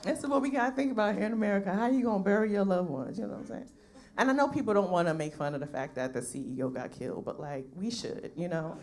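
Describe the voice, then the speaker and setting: A woman's voice: medium pitch, lively intonation, fast talker, crowd noise. A woman comedian from New performs a stand-up set in a brash, profane, conversational way, often tossing in tag questions. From New York.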